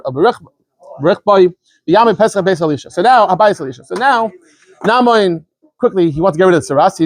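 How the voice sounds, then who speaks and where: Fast, high-voiced man teaching a scripture class. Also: no room sound. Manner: quick, animated explaining with frequent stammered repeats. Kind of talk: informal Torah lesson.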